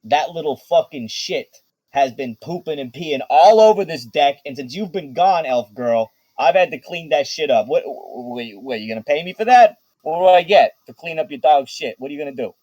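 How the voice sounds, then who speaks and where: A man's voice: fairly high pitch, lively intonation, moderate pace, dark tone, muffled recording. A man voicing a crude, grumpy male sailor who complains with plenty of swearing. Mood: annoyed. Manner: foul-mouthed, complaining.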